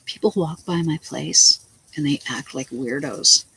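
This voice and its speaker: This woman speaks in a low, unhurried voice that sounds pushed, bright and slightly rough, and the recording itself is rough. She's vlogging from home to the camera, bluntly chatting, cursing freely and jumping between subjects in a rambling, casual way.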